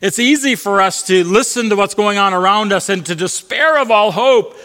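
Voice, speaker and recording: A man preaching a sermon in a large church, rising to bold declarations and dropping to hushed quotes, leading the congregation in reading aloud together. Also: normal speed. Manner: swings between booming declarations and hushed quotes; leads congregation in call-and-response reading. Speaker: pastor. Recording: long hall reverb.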